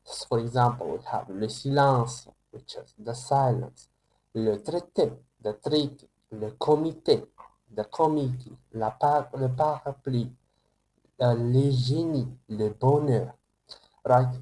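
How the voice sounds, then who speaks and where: Slow, halting male French tutor. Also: mid-range voice, warm tone, slight background noise, rough recording. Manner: slow, hesitant, many fillers and restarts. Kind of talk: online language lesson.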